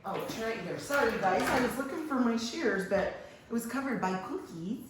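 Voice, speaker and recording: A woman hairstylist gives a casual haircut tutorial, chatting as she works and cooing baby talk to a toddler. Her voice is on the high side with lively intonation and a slightly fast pace. The background is noisy and the room echoes noticeably.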